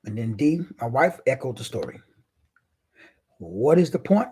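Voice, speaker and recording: A man hosting a live stream, giving a preachy motivational talk in casual, slangy speech with drawn-out, emphatic phrasing. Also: sing-song, husky. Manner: preachy, drawn-out emphatic phrasing with big swings in pitch and loudness.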